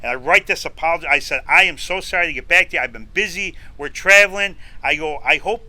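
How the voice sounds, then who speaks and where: A man's voice: fairly high pitch, fast talker, pushed and bright, no echo, low-quality recording. A middle-aged man from upstate New York telling a long story on a podcast, acting out both sides of each conversation. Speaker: podcast guest, food show host. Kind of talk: casual storytelling interview.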